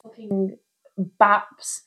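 A woman's voice: mid-range voice, level tone, drawn-out words, a crowd in the background. A woman co-hosts a podcast in loose, casual chat. She laughs often and swears freely as she talks. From northern England. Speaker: podcast co-host.

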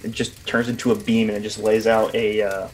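Male player, halting and wordy, talking through his actions at the table, slight background noise. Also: fairly low pitch, level tone. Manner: hesitant, searching for words, lots of "um" and "like". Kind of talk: tabletop game talk.

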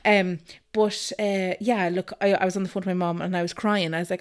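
A woman's voice: mid-range voice, little pitch movement, fairly quick, few pauses, smooth. A woman in her thirties telling a personal story in a casual interview, chatty, with many ums and likes. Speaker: guest.

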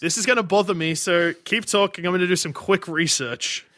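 Wry, bright man on a dry mic. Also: high-pitched, fairly quick, no room sound. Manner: wry, questioning, swears casually. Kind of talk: casual podcast banter. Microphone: podcast mic.

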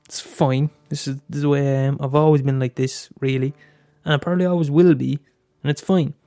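A man's voice: mid-range voice, fairly even intonation, brisk, dark tone, dry recording, soft background music. A young Irish man hosting a casual solo podcast, talking candidly with frequent swearing and stammered restarts. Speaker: podcast host.

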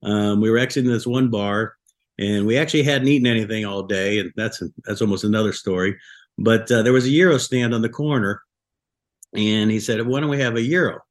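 A man's voice: lowish voice, fairly even intonation, brisk. A man from Buffalo, New York, a restaurant co-founder guest telling rambling anecdotes on a podcast, often restarting his sentences. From Buffalo, New York, USA. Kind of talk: casual podcast storytelling.

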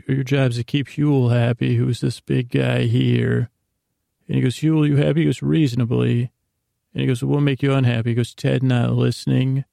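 A man with a heavily gravelly, mid-range voice rambles through a casual bedtime recap for a sleep podcast, meandering with many fillers, stops and restarts. He sounds flat and unhurried with little rise and fall, recorded close and dry with no echo.

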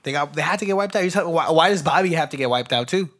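A man's voice: fairly high pitch, lively intonation, quick pace, a bit bright. A young man co-hosting a podcast in casual chat, rambling and slangy, swearing freely. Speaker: podcast co-host.

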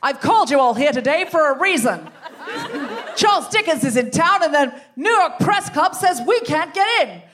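A woman improvising an impassioned 19th-century woman journalist who rallies her friends, loud and indignant, on a live theatre stage. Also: high voice, very animated, normal speed, pitched above the performer's own voice. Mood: rousing.

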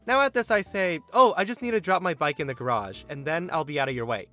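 A young man narrates a forum story in a lively, expressive way. His voice sits a bit high and swings widely as he plays the different people. Soft music runs under him. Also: a little fast, few pauses. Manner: lively, acts out quoted lines with raised pitch. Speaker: narrator reading a Reddit story.

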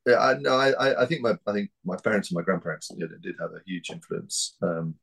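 Deep gravelly man, hesitant. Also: steady tone, fairly bright tone, low-quality recording. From North East England. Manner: measured, hesitant, many fillers and restarts. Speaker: guest. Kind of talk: reflective interview talk.

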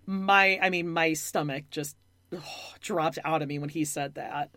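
A woman co-hosting a podcast in casual chat, animated and often acting out quoted voices. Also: low voice, unhurried, dry recording. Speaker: podcast co-host.

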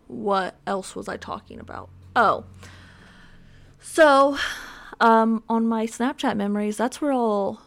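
A woman's voice: medium pitch, creaky, a bit bright. A woman in her twenties hosting a podcast alone, rambling and self-deprecating with many fillers. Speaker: podcast host. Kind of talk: casual solo chat.

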